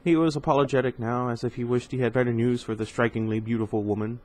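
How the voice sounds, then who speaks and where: A man's voice: mid-range voice, fairly even intonation, quick pace, poor audio. Man reading a novel aloud casually. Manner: informal, stumbles over foreign words. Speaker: reader.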